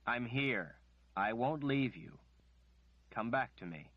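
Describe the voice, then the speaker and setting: A man playing a desperate young man who pleads urgently and insistently, then low and calm. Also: takes it slowly, dry recording, dull audio. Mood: calm, pleading. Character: desperate young man calling a woman back.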